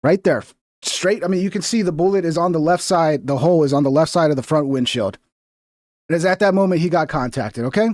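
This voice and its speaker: A man's voice: brisk, darkish tone. Heated, profane male streamer. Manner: profane, heated, mocking quotes in a high voice. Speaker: political commentary streamer. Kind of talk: heated livestream commentary.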